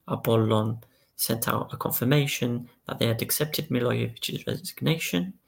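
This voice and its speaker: This medium-pitched, gravelly male voice belongs to a co-host of a casual football podcast. He walks through the news step by step and reads statements aloud.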